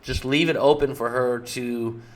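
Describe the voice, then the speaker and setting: A man's voice: mid-range voice, fairly even intonation, measured pace. A male relationship coach giving an explanatory talk, plainly walking the listener through example conversations.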